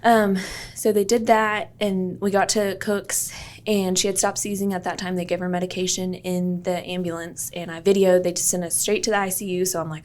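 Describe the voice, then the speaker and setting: A woman's voice: on the low side, flat delivery, fairly quick, darkish tone. A young woman, a podcast guest, telling a personal story in a chatty way with lots of fillers and quoted dialogue.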